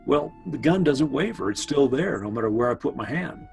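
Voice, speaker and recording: A man's voice: medium pitch, animated, fairly quick, creaky, a little mellow, faint music behind, low-quality recording. A man casually telling his brother old family stories, meandering with asides to his listener. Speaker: family storyteller. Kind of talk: casual spoken storytelling.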